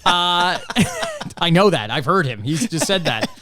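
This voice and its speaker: Guy cohosting a podcast, high voice that jumps all over, rambly with tons of ums and laughs. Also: measured pace, noisy background. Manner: rambling, animated, lots of fillers and laughs. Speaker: podcast co-host. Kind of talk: casual chat.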